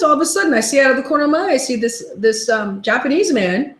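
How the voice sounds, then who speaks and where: A woman with a fairly high voice gives a motivational webinar talk. She tells stories in a chatty, lively way and keeps coming back to the same question. Her voice rings in an echoey room. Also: quick pace. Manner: chatty storytelling, repeats key question. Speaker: webinar host and life coach.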